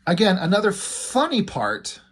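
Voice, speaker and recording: A man's voice: high voice, huge pitch swings, a little slow, a bit bright, breathy edge. A man giving a casual, rambling comic book review, full of "like" and "you know" and blunt, mocking asides. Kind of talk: casual video commentary.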